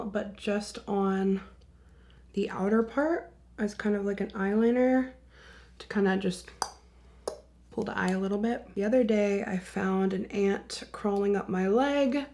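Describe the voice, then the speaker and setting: A woman's voice: medium pitch, creaky, darkish tone. A young woman chatting candidly as a beauty vlogger while she does her makeup at home, sometimes dropping to a whisper. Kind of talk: casual get-ready-with-me chat.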